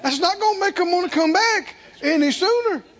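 A man's voice: very high-pitched, animated, a little fast, fairly bright tone, highs cut off, some chatter behind. An older man preaching a sermon, with a drawling delivery and frequent chuckles.

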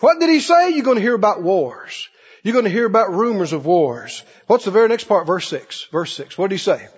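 A high, husky male voice preaching, lively and swooping in pitch. He acts out mocking voices as he goes. The sound is dull and carries a long hall reverb. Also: fairly quick. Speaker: pastor. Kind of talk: sermon.

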